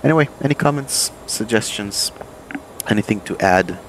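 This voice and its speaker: A man, an airline pilot, calmly walking through aircraft procedures in a relaxed, think-aloud way, with plenty of fillers and restarts. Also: lowish voice, normal speed, slight background noise, low-quality recording. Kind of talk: casual instructional walkthrough. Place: home desk with flight simulator.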